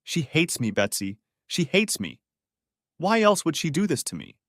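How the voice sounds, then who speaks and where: A man performs a full character voice of a despairing young husband, pleading and lamenting, pitched above his own natural voice. The delivery is very animated, fairly high, fairly bright and at a moderate pace, recorded in studio quality without echo.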